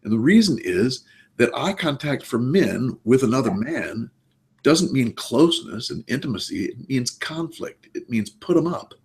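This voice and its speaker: A man in his sixties speaking as a therapist guest in a casual chat, with a mid-range pitch. He explains his points with emphatic anecdotes. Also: very animated, normal speed, creaky.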